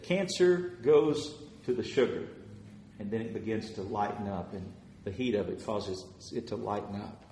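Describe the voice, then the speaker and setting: A man preaching a sermon, telling stories of answered prayer and swelling louder as he retells people's words. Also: fairly low pitch, normal speed, reverberant, a little hiss or hum.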